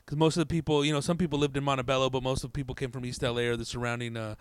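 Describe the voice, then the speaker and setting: A man's voice: medium pitch, very fast, smooth, no echo. Slangy SoCal guy saying dude a lot. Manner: slangy, profane, animated, says dude and bro. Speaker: stand-up comedian, guest. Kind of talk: casual chat, storytelling.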